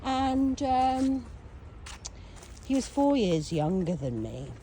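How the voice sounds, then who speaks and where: An Englishwoman with a high, very animated voice and a warm tone speaks at a slow pace over slight background noise. In a casual monologue about her own life, she is theatrical and sardonic, swearing, acting out voices, breaking into song and mocking herself in asides.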